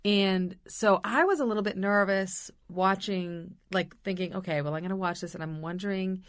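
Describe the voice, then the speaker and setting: A woman's voice: medium pitch, normal speed. A woman co-hosting a podcast, talking casually and thoughtfully about a film, with many agreeing remarks and fillers. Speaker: podcast co-host. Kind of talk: casual chat.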